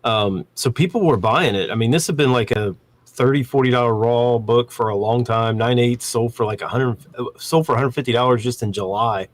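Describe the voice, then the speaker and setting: A man on a comics live stream, calmly explaining market prices with frequent ums. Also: medium pitch, a little fast. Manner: relaxed, explanatory, with filler ums. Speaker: comic book market commentator. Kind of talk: casual livestream chat.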